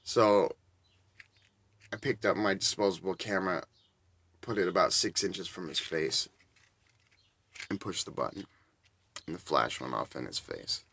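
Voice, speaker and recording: Forties male storyteller, casual and rambling, low voice with a bright, forceful edge. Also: normal speed, gravelly, pauses often, husky. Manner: rambling, chuckling between bits.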